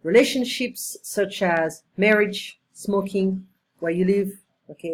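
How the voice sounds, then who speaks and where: A woman teaching a one-on-one English lesson, explaining phrases slowly and carefully and giving many example sentences. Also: mid-range voice.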